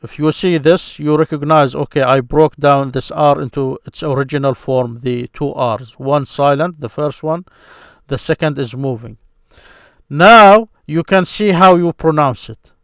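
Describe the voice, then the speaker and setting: A man teaching a beginners' grammar lesson, explaining patiently and repeating syllables slowly for his learners. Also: on the high side, fairly bright tone, clean tone, no room sound, clean studio sound.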